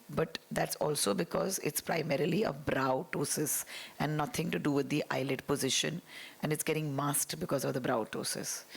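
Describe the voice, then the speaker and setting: A woman with an Indian English accent giving a conference lecture on eye surgery, her voice hoarse and strained, with many fillers. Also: low voice. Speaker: oculoplastics consultant presenting a talk.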